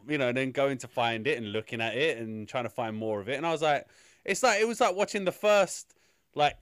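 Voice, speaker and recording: A man's voice: mid-range voice, a bit bright, dry recording, studio quality. Sweary rambling man. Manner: rambling, sweary, exasperated ranting. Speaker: film reviewer. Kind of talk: casual podcast chat.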